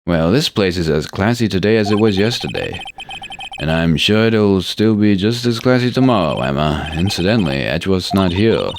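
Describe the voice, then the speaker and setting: Low-voiced man narrating a game. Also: lively intonation, moderate pace, background noise. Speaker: let's play host voicing the lawyer lead.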